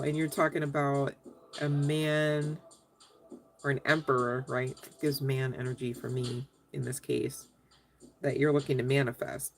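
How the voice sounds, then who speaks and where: Low-voiced, giggly woman reading tarot. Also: a little hiss or hum. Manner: chatty, giggly, talks straight to viewers. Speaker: tarot reader answering live chat. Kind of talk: casual live tarot reading.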